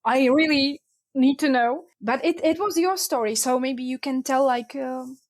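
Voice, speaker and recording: A woman's voice: high-pitched, fairly even intonation, moderate pace. A woman co-hosting a casual book discussion podcast, chatty and hesitant, often laughing and filling gaps with "like". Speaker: podcast co-host.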